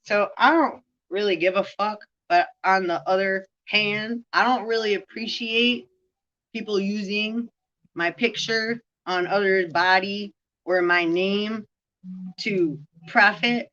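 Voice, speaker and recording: A woman's voice: medium pitch, fairly even intonation, slow, fairly bright tone, lo-fi sound. A woman vlogging a rambling spiritual monologue, profane and full of free-associating word play.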